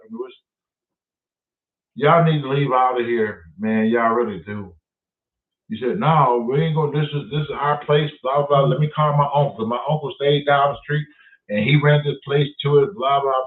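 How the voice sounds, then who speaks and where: Profane man telling a story. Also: mid-range voice. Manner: profane, animated storyteller acting out dialogue. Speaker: show host telling a story. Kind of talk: casual storytelling. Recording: echoey, distant, phone-like sound.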